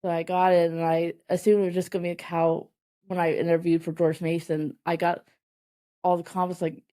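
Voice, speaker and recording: A woman in her thirties speaking as a podcast guest, in candid, halting talk full of restarts and filler words. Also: lowish voice, little pitch movement, dark tone. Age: 30s. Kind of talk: candid conversational interview.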